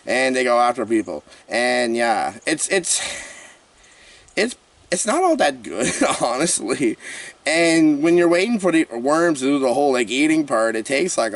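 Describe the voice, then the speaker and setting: A man's voice: mid-range voice, a bit bright, dry recording, far from the mic. A man giving a rambling, jokey horror movie review, breaking into panicked screaming skits. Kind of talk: comedic movie review vlog.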